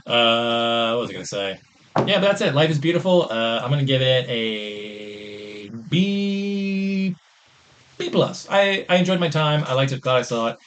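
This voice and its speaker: A young man co-hosting a casual podcast, rambling through his thoughts on films and leaning on "like" constantly. His voice sits at an ordinary pitch, with a faint noise behind it. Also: animated, unhurried, a bit bright. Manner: rambling, heavy use of "like". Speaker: podcast co-host. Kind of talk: casual movie chat.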